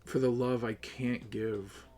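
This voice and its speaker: A man streaming live, ranting with lots of swearing, upset and close to tears, swinging between loud outbursts and low mutters. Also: fairly even intonation, slow. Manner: profane, agitated, swings between yelling and muttering. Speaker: livestreamer.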